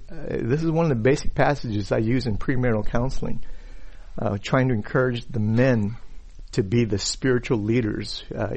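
A man preaching a sermon at a steady, unhurried pace. He restarts words as he gathers his thoughts and now and then reads scripture aloud. His voice sits at an ordinary middle pitch. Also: slightly rough. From Chinese background. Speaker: pastor.

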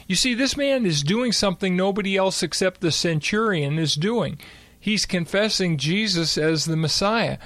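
A man discussing a Bible passage in a measured, explanatory way. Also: high voice, lively intonation, a bit bright, no echo. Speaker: Bible teacher.

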